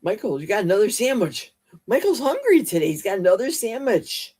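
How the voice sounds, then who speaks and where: A woman's voice: mid-range voice, big pitch swings, a little fast, a little mellow, slightly rough. A woman hosting a casual livestream, chatty and exclamatory as she reads viewer comments aloud. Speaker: livestream host. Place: home livestream.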